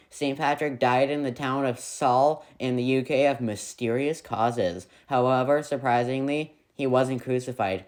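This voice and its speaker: A man narrating a history video in a scripted way, with playful, sarcastic asides. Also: mid-range voice.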